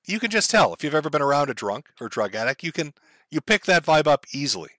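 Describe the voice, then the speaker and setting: A man talks through events in a relaxed, explanatory way and often pauses on fillers. His voice is bright and a little high. The recording is dry and close. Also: dry recording. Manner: conversational, explanatory, frequent fillers. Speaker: commentator. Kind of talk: casual commentary.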